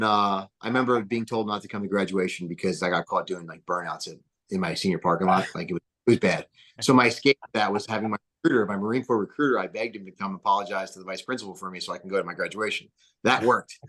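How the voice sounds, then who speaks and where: A man with a fairly low voice tells long, winding stories on a podcast. He piles on fillers and restarts, and gets excited as he goes. He is from New Jersey. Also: fast talker. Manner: rambling, filler-heavy, excitable storyteller. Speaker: podcast guest, entrepreneur. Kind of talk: casual interview storytelling.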